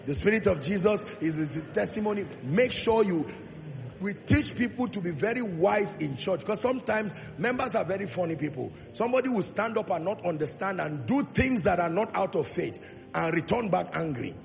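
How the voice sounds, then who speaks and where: Pastor preaching, kinda high gravelly voice, slow stretched-out emphasis, long church echo. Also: male voice, lively intonation. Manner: preaching with call-and-response, builds to loud emphatic peaks; drawn-out, slow emphatic delivery on key points. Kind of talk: sermon. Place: large church hall. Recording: long hall reverb with faint music.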